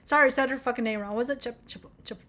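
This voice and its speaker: Talking very fast in a bright, forceful, slightly high voice, a twentysomething American vlogger gives a casual chat about music. It's rambling and full of swearing and self-mockery.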